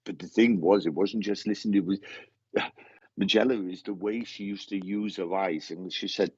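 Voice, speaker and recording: A man with a low, husky voice gives a mediumship reading, passing on messages in halting bursts and restarting his words often. The sound is dry and a little dull, like a lo-fi recording. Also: no echo. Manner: halting, repeats words while relaying messages.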